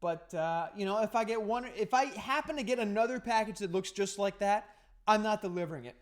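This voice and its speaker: A man's voice: high voice, fairly quick. A man hosting a podcast, telling a story in casual, profane, heated rambling. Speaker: podcast host.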